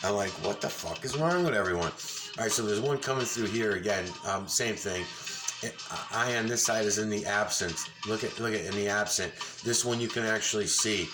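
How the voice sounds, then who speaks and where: A man's voice: fairly low pitch, a little fast, over music. A man giving a casual, ranting commentary over a video, insistent and full of swearing. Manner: angry, profane, ranting; insistent, repeats himself.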